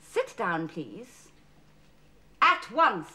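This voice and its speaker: A stern headmistress. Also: female voice, mid-range voice, sing-song, drawn-out words, bright, forceful tone, heavily acted. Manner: stern, clipped, commanding. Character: strict, cold middle-aged headmistress. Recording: hissy old VHS tape.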